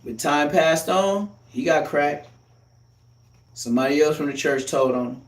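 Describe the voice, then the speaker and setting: A man doing a loud, profane, heated comic rant as a live streamer, recorded in an echoey room. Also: a little high, a little slow, distant mic.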